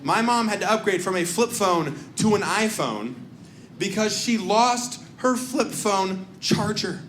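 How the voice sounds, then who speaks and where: Stand-up comic, male, high and lively voice, bursts into shouted bits, live club room echo. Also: measured pace. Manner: animated, shouts and jumps into silly character voices. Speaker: stand-up comedian. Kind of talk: stand-up comedy set. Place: comedy club stage. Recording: echoey live club recording with noise.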